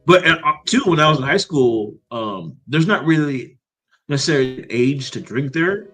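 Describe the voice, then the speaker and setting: A man in casual chat, telling stories in an animated way, laughing and swearing freely. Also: mid-range voice, normal speed, husky, soft background music.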